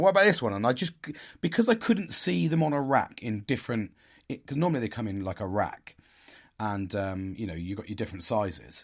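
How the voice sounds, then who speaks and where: A man telling a story in a casual, animated way. He swears a lot and laughs at himself. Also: mid-range voice. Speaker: podcast host.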